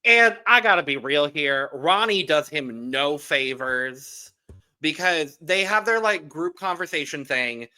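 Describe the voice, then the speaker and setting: A man with a very bright, sharp voice chats as a podcast co-host, frank and opinionated while agreeing easily with his partner. His delivery is casual and direct. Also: on the high side, lively intonation. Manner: frank and chatty, quick to agree. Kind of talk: casual reality-TV recap chat.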